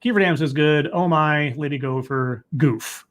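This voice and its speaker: A man hosting a live stream, chatting casually, joking at his own expense and pausing on lots of fillers. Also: on the high side, fairly bright tone. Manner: chatty, self-deprecating, filler-heavy. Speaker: livestream host.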